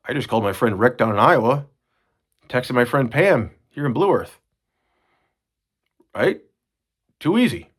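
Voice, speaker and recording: A middle-aged man, talking to his kids in an earnest, rambling way, often restarting his sentences. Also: medium pitch. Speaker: father recording a message to his kids. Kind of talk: casual spoken reflection.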